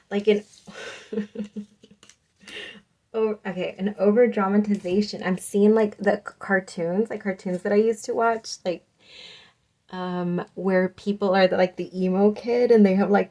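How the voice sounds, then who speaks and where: A woman's voice: medium pitch, a little mellow. A young woman giving a casual pick-a-card tarot reading, chatty and giggly, often saying "like". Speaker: tarot reader.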